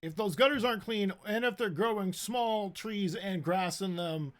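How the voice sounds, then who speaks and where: A man's voice: sits high, moderate pace, a bit bright. A man in his thirties co-hosting a casual podcast, loose and joking. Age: 30s. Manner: loose and joking, says "bro" a lot. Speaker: podcast co-host.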